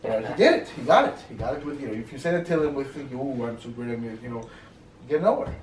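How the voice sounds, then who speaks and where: A man teaching a class, telling stories in a casual, animated way and acting out the people in them. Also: medium pitch, fast, slight background noise. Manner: animated, acts out quoted voices in his stories. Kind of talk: casual storytelling lecture. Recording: echoey room, mic at a distance, faint ambience.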